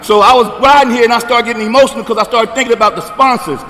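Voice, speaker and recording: A man in his sixties sharing his recovery story at a meeting, talking conversationally and checking in with the room, getting louder and emphatic on key points. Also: very high voice, fairly even intonation, racing, big-room sound. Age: 60s. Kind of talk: personal recovery share.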